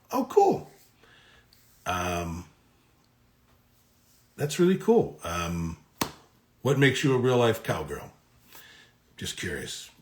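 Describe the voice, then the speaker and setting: A middle-aged man with a New York accent chats casually on a live stream, reading fan comments aloud and answering each one warmly. His voice sits low, and his pitch rises and falls a lot. The sound is roomy, with a noticeable echo. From Connecticut. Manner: chatty, friendly, reads comments aloud and answers them. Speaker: actor at a live autograph stream.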